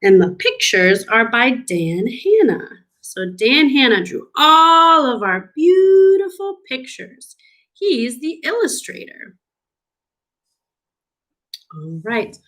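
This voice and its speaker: Lady doing a slow kids' storytime read-aloud, very bouncy sing-song voice, stretches every word out. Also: sits high, sing-song, a bit bright. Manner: slow, sing-song, encouraging teacher talk with drawn-out words. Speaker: speech therapy clinician reading to children.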